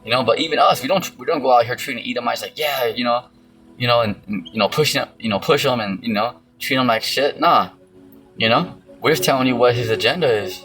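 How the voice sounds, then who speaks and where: A man's voice: medium pitch, fairly quick, a bit bright, rough recording. Male preacher, loose and rambling, swears a lot, mid-range voice, music bed behind. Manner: rambling, heavy on fillers, profane. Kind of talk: casual sermon with scripture reading. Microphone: phone screen recording.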